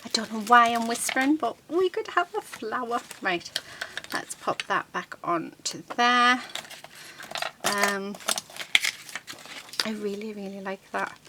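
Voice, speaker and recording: A woman's voice: a little high, animated, background noise. A woman hosting a casual card-making tutorial. She talks her viewers through each step while she works at her crafting desk, with plenty of ums and restarts. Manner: chatty, unhurried, many ums and restarts.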